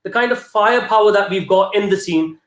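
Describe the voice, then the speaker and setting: A man's voice: high-pitched, fairly quick, fairly bright tone, echoey room. A man speaking as a fan guest on a video call, confident and upbeat. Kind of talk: casual fan chat.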